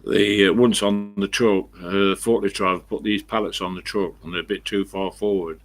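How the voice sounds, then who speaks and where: His voice is deep and steady at a normal speed as he chats casually from home to his live-stream audience. The Englishman, who has an East Midlands accent, rambles through anecdotes while leaning away from the desk microphone.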